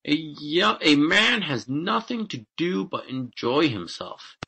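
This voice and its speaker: A man's voice: fairly high pitch, sing-song, sharp tone, husky, pitched above the performer's own voice, heavily acted. A man reading a greedy young farmer. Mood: demanding. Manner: slow, demanding, indignant.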